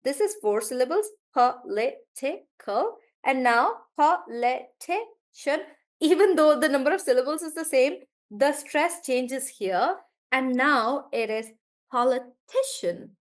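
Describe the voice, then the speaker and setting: High-voiced woman teaching word stress. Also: expressive. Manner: repeats each word slowly to model the stress; calls on students by name and checks in with them. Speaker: English pronunciation teacher. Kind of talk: live class lesson.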